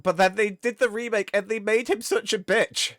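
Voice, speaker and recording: A man hosting a game stream, chatting casually in a rambling, animated way. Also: sits high, normal speed, dry recording, clean studio sound. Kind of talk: casual chat.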